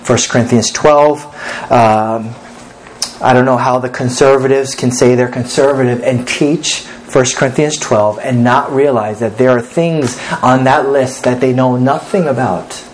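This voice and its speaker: A male pastor delivers a sermon in an earnest, steady voice of middling pitch. He reads scripture aloud and lifts his voice to stress key points. A faint hiss of noise sits under the recording. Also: unhurried, poor audio.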